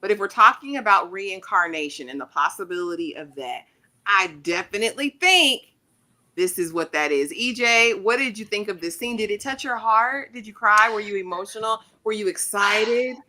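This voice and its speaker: A woman's voice: medium pitch, animated, moderate pace, bright, forceful tone. A woman hosting a TV recap panel, retelling scenes and putting questions to her co-hosts. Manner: storytelling recap, then hands questions to panelists. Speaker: host. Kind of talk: casual TV recap chat.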